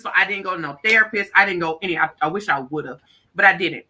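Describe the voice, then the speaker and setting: A woman in her thirties, a guest life coach, telling a candid personal story in an animated way and acting out what others said. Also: on the low side, fast talker.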